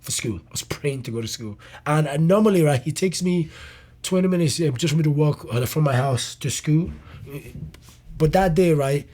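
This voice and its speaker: Man, husky, higher voice, young adult, animated storytelling, swears, restarts. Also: normal speed. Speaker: comedian guest. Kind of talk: candid storytelling interview.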